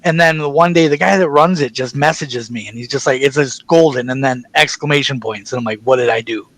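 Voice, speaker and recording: A man guest chatting in an interview, telling stories in an excited, rambling way and acting out the back-and-forth of conversations. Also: mid-range voice, a little fast, rough recording. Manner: excited, rambling storyteller, acts out quoted exchanges. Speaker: actor guest. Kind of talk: casual interview chat.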